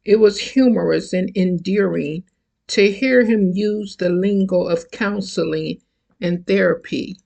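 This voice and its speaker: Slow, gravelly older author reading aloud. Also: medium pitch, darkish tone. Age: 70s. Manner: slow, deliberate, careful reading. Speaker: self-published author. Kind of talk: reading own novel excerpt.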